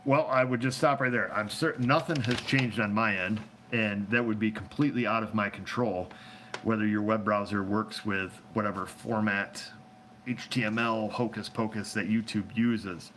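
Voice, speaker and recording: A man's voice: lowish voice, fairly even intonation, normal speed, a bit bright, a little hiss or hum. A man hosting a casual live chat, answering viewer questions in a rambling, joking way and laughing often, recorded on a phone.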